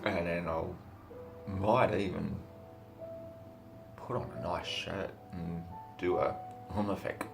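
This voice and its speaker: An Australian man giving a crude, rambling comic monologue to camera, swearing freely with deadpan humor. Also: sits low, slow, gravelly, pauses often, over music. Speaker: vlogger.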